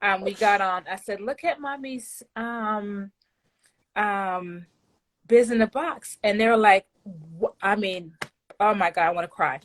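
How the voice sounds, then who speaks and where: A woman's voice: mid-range voice, measured pace. A woman giving an emotional, effusive client testimonial, often repeating words when moved. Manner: effusive, animated, faith-filled.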